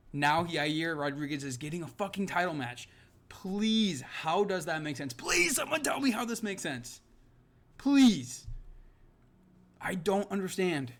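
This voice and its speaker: A young man vents in an angry, exasperated rant, swearing at almost every turn. His voice sits a little high for a man, and he presses each point hard as if arguing with the listener. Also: fairly bright tone. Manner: swears constantly, exasperated and emphatic. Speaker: MMA commentary vlogger. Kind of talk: heated rant to camera.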